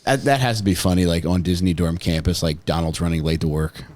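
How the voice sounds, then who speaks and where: A man's voice: low voice, steady tone, brisk, a little mellow, no room sound. A man co-hosting a comedy podcast, teasing the others in a crude, laid-back way. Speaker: podcast co-host. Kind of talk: casual comedic banter.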